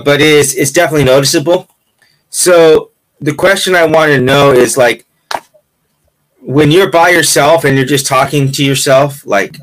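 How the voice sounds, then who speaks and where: A man hosts a relaxed interview in a mid-range voice, asking loose, rambling questions. He teases his guest playfully as he goes. His pitch sits right in the middle, neither high nor low. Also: rough recording. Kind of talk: casual interview.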